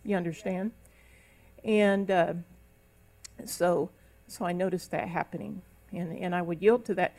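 A woman's voice: on the low side, fairly even intonation, unhurried, darkish tone. A middle-aged woman minister preaching a sermon at a church service, sometimes speaking in tongues and rising into emphatic calls.

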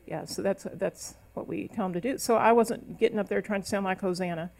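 A woman's voice: mid-range voice, a little fast, vocal fry, a little mellow. A middle-aged woman minister preaching a sermon at a church service, sometimes speaking in tongues and rising into emphatic calls.

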